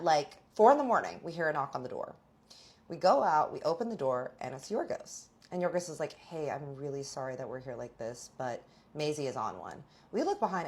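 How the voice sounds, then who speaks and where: A woman chatting through a personal story in a casual storytime vlog, acting out what people said. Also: sits low. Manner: chatty, animated retelling with quoted voices.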